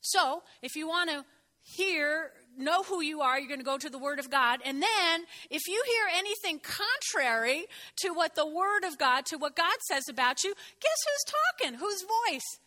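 A woman preacher delivering a conversational sermon, getting the congregation to repeat phrases after her and jumping in pitch for emphasis. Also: normal speed. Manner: expressive, jumps in pitch for emphasis.

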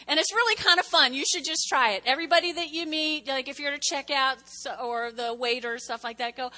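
A woman's voice: high-pitched, fairly quick, few pauses, bright, forceful tone, in a large hall. A woman from New Jersey preaching a chatty, playful sermon to her congregation. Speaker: pastor.

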